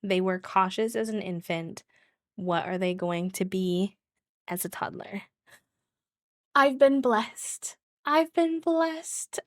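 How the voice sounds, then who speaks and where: A woman's voice: medium pitch, no echo, clean studio sound. A woman streaming a game, chatting casually and giggling as she talks to her viewers. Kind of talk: casual live-stream chat while gaming.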